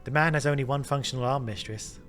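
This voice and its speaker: A man voicing a dutiful robot servant who speaks in a quiet, formal way. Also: mid-range voice, quick pace, soft background music, close to an everyday voice.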